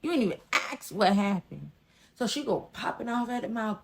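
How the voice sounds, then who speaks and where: Woman vlogger with a fairly high voice, telling a story bluntly and with sass, loud one moment and hushed the next. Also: normal speed, gravelly. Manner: animated, emphatic storytelling that swings between loud outbursts and hushed asides; blunt and sassy with frequent slang. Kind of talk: casual storytime vlog.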